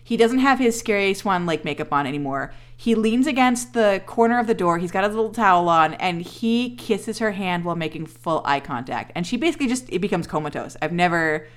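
A woman in her thirties co-hosting a podcast, recapping a TV episode in casual chat, animated, swearing and laughing often. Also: fairly low pitch, brisk, hardly any pauses. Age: 30s. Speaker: podcast co-host.

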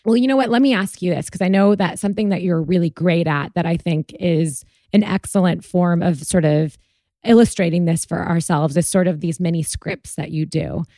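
Woman podcast host, lowish pitch, earnest storyteller, dry close recording. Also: moderate pace, dark tone, no room sound. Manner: earnest, storytelling with many fillers. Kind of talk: conversational interview.

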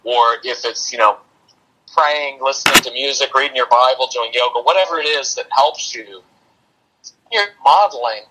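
A man's voice: mid-range voice, normal speed, heavy background noise. A man talking as a parenting coach and podcast guest, practical and plain-spoken, with a dry sarcastic streak and a habit of explaining through analogies. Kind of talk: casual podcast conversation.

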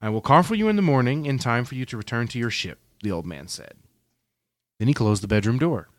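A man's voice: medium pitch, lively intonation, fairly quick, no room sound. A man co-hosting a podcast, reading a story aloud with playful asides and quoted voices in casual chat. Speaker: podcast co-host.

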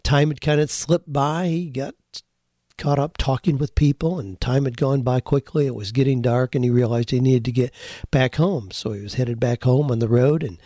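A man's voice: medium pitch, fairly even intonation, normal speed, mellow, dry recording, studio quality. An older man hosting an advice podcast, answering listeners in an earnest, folksy, encouraging way and telling stories along the way. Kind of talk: conversational advice with storytelling.

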